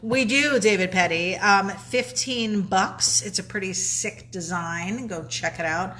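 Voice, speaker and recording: A woman's voice: mid-range voice, a little slow, a bit bright. A woman co-hosting a live stream, chatting casually and reading viewer comments aloud. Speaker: co-host reading live chat.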